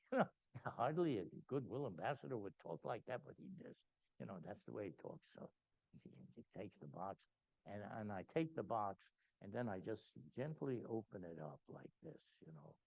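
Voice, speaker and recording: An older man telling a lively anecdote at a gathering, acting out voices and laughing often. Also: creaky, breathy edge, dry recording. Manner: animated anecdote teller, acts out quotes, laughs often. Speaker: speaker at a spiritual gathering. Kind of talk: storytelling talk. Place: meeting hall. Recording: dull low-fidelity sound, dry.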